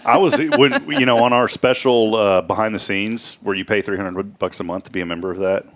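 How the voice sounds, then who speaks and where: A man's voice: fairly low pitch, very animated. A man hosting a morning talk show in a casual, joking, rambling way. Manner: joking, rambling storyteller with quick asides. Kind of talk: casual chat.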